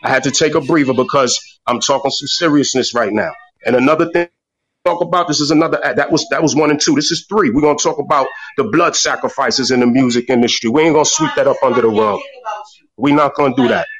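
A man's voice: medium pitch, fast, muffled recording. A middle-aged man giving a fiery, profane rant in an online voice room, often stumbling over repeated words. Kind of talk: impassioned rant. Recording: distant, breaking-up phone audio.

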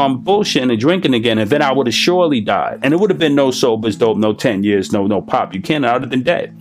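Emphatic New man telling his story. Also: mid-range voice. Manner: emphatic, repetitive, streetwise storytelling. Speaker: recovery speaker. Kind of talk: personal testimony.

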